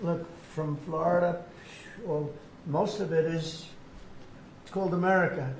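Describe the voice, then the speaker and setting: A man's voice: a little high, steady tone, unhurried, slight background noise. An older man in his seventies speaks at a press event, boastful and repetitive, circling back to the same points. The room around him is echoey, with a faint murmur of ambience behind his voice. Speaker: president. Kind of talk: press remarks at a signing ceremony.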